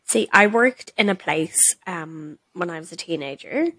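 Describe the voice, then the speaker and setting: Young Dublin woman, podcast co-host, low-ish bright voice, dry close sound, profane storyteller. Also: animated, a little slow, husky, no room sound. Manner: sweary, storytelling, laughing. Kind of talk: casual chat.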